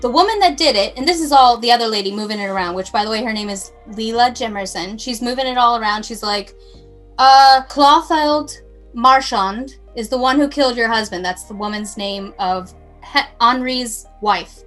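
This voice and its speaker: A fairly high-pitched woman tells a true crime story in a loose, chatty way. She rambles and restarts her sentences as she goes, and faint music plays behind her. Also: a little fast, a bit bright. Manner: chatty, rambling, self-interrupting. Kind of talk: casual storytelling chat.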